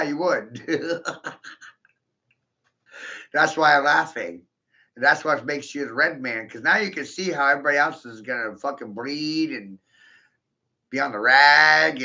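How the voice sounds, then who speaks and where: A man's voice: on the high side, vocal fry, bright, forceful tone, highs cut off. A man in a rambling monologue, boastful and taunting, swearing crudely and laughing often.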